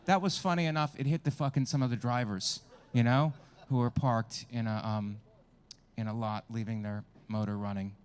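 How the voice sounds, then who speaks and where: A man's voice: mid-range voice, darkish tone. A man performing a stand-up comedy set with crude, self-mocking crowd work, at a small outdoor show.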